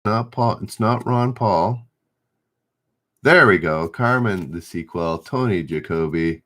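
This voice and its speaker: A middle-aged man runs a live trivia stream, reading each question out and then going back over it when he trips on the wording. His voice sits a little low, and he speaks in an unhurried, drawn-out way while he calls out viewers' answers. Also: lively intonation, sharp tone. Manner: reads questions aloud, stumbles and rereads, chats with viewers. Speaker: trivia host.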